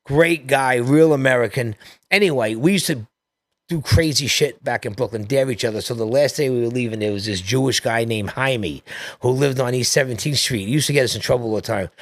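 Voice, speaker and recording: A man in his fifties with a New York accent, a podcast guest telling rambling, animated stories from his childhood in a casual chat. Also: medium pitch, a little fast, no echo. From New York City. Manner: animated, rambling anecdotes with restarts.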